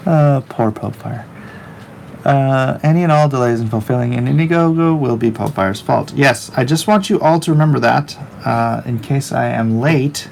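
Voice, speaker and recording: A middle-aged comic artist chats casually on a livestream while drawing, rambling, joking, and reading viewer comments aloud. His voice is medium-pitched, gravelly, and a little mellow at normal speed, with slight background noise.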